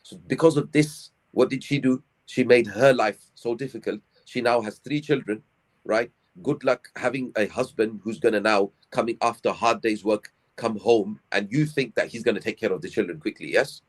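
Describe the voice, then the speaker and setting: A man's voice: fairly low pitch, normal speed. Man preaching with rhetorical questions. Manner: rhetorical, asks and answers own questions. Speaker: Islamic scholar giving advice. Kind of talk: live-stream religious advice talk.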